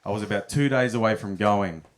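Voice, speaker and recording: A man's voice: lowish voice, a little fast. A young man telling stories in a stand-up set at a comedy club, often chuckling at his own punchlines.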